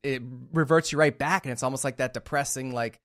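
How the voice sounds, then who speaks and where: A man's voice: mid-range voice, fairly even intonation, fairly quick, a bit bright. A man in a casual conversation, laid-back and loose, leaning on filler words and calling his guest "man". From northeastern United States.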